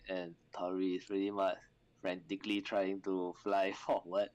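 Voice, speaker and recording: A man playing a tabletop game, speaking in an unhurried way and laughing often. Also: deep voice, little pitch movement, darkish tone, muffled recording. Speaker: player. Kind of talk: casual tabletop game play.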